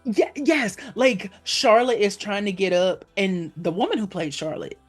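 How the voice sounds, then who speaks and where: A woman hosting a casual podcast chat. She talks animatedly and slips into playful character voices with sudden pitch leaps. Faint music sits quietly behind her. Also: measured pace, husky. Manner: animated, acts out characters with big pitch jumps. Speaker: podcast host.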